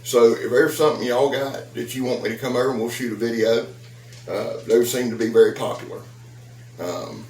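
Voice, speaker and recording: A man's voice: lowish voice, darkish tone, distant mic, slight background noise. A man, chatting folksily in a rambling home vlog about knives, with his dogs around. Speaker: knife reviewer and seller. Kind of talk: casual vlog. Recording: echoey room, voice off-mic.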